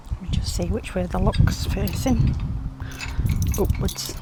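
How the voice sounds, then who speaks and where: A woman's voice: medium pitch, a little slow. A woman chatting casually to her phone camera as she goes about her allotment and home, talking fondly to her chickens and pets. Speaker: allotment vlogger. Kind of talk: casual vlog chat. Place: outdoors at an allotment and around home. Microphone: phone held in hand. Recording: noisy outdoor phone recording.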